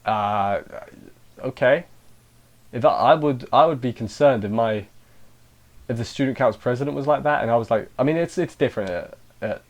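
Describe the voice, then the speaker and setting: A man talking through an anime episode in a loose, chatty review at a mid-range pitch. He wanders off into jokey asides and restarts his sentences often, then drifts back to the plot. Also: normal speed, long pauses. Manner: rambling, self-interrupting, with jokey asides. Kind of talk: casual spoken review.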